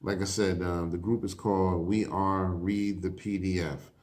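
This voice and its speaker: Laid-back man host, very low voice, casual lyric breakdown. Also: level tone, a little mellow. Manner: laid-back, repeats "you know what I mean"; reads lyric lines aloud slowly. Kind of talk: casual commentary.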